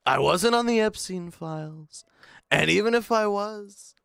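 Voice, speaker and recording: A young man putting on the voice of a brash, boastful older male politician, with a bragging, drawn-out delivery. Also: sits high, gravelly, a bit bright, clear, resonant tone, dry recording, clean studio sound, voice pushed up, heavily acted. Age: young adult. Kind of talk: comedic impression during a game stream.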